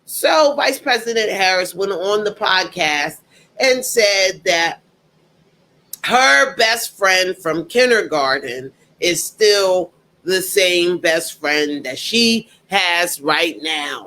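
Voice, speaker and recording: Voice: medium pitch, expressive, slow pace, bright, forceful tone. An emphatic, indignant commentator talking straight to the audience and repeating points for effect. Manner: speaks directly to the audience. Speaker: political commentator. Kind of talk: opinionated commentary monologue.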